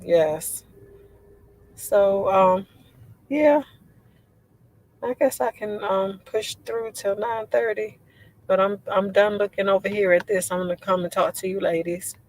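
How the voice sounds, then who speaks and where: A woman hosting a casual livestream reads viewer comments in a low voice that she says sounds like a man's. She's chatty and rambling, laughs easily, and uses lots of fillers, on a low-quality recording.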